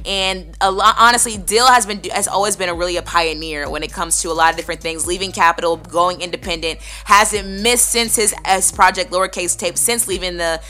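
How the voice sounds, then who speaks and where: A woman co-hosting a radio show, chatting in an energetic, casual way and often saying "listen" while giving shout-outs. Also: fairly low pitch, a little fast, hardly any pauses. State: voice still recovering.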